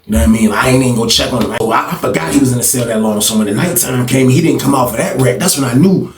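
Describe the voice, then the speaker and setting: Man, casual storytelling, quick pace, distant mic, echoey room. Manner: animated, acts out other people's voices with big pitch jumps.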